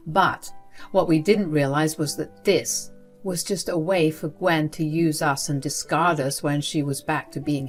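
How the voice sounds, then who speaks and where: A woman narrating a first-person story in a steady, dramatic way. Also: lowish voice.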